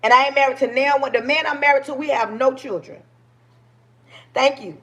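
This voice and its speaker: A woman in her forties speaks with a high voice. She is streaming live into a phone camera, talking to her viewers with passion and a preachy edge. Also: a little fast, fairly bright tone. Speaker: livestream host. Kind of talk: livestream talk.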